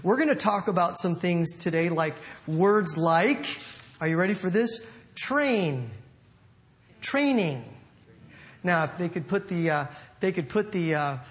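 A man preaching a sermon in an animated, playful way, acting out little quotes as he goes. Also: high voice. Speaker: pastor.

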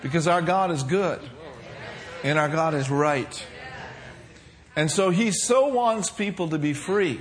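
A man's voice: on the high side, slow pace, long pauses. A man preaching a sermon to a congregation, mixing fillers and call-and-response asides. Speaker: pastor.

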